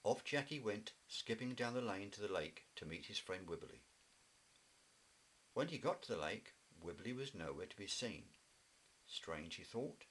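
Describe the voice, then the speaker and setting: A man reading a children's story aloud in a gentle, expressive way. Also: fairly low pitch, breathy edge, poor audio. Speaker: narrator.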